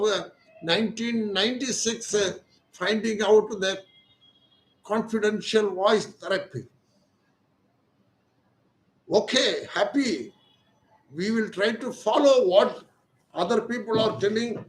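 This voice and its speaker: An older man with an Indian English accent, an ENT surgeon giving a slow, deliberate talk that repeats its key words. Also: sits high, reverberant, rough recording. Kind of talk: lecture-style explanation.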